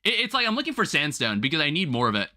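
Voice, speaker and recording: A young man hosting a livestream, chatting casually while gaming and telling rambling, animated stories with some swearing. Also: fairly high pitch, very fast. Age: young adult. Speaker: livestream host.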